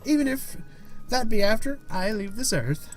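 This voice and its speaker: A frail, loving old grandmother with a Scottish lilt, as a man puts her on, her voice lifted high and slow. Her tone swings and wavers with gentle warmth as she speaks. A text-game figure told aloud by a player reading the scenes. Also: animated, faint music behind. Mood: gently wise. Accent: attempted Scottish. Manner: slow, tender, high put-on voice. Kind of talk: voicing a character in a text game.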